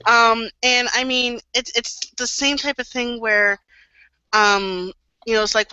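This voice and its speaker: A woman guest co-host makes her point in a casual, conversational way. Her voice is bright and crisp. The sound is dry and comes over a dull, lo-fi call. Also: on the high side, steady tone, takes it slowly, no room sound. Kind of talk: casual chat.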